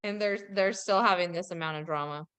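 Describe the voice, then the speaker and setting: A woman's voice: on the low side, brisk, smooth. A woman hosting a podcast, chatting casually and animatedly about pop culture, with plenty of gossip and giggles. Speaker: podcast host.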